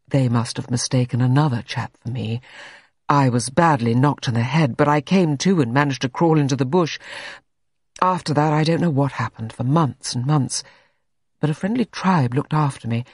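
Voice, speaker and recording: A reader voicing a scarred, weary man who returned from the dead, speaking quietly and with resignation. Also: mid-range voice, slightly rough, no room sound, studio quality, close to an everyday voice.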